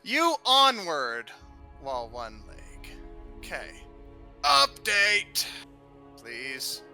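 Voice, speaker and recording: Sex: man. Role: chatty host, very bright voice. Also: on the high side, wildly swooping pitch, very slow, gravelly, faint music behind. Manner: flustered, chatty asides. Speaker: host of the reading.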